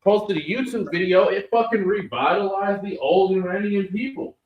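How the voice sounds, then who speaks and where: A man's voice: high voice, moderate pace, highs cut off, over a noisy crowd. Profane, argumentative man in a roomy echo. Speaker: co-host. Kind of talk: heated political reaction chat.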